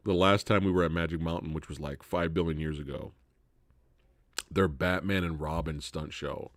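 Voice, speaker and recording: A man hosting a live Q&A stream, chatting casually, swearing freely and laughing loudly. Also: lowish voice, dry recording, studio quality.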